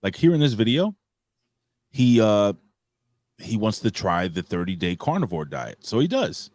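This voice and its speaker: A man's voice: fairly low pitch, big pitch swings, normal speed, darkish tone, dry recording. A man, co-hosting a casual podcast and telling a rambling, profane story. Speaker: co-host.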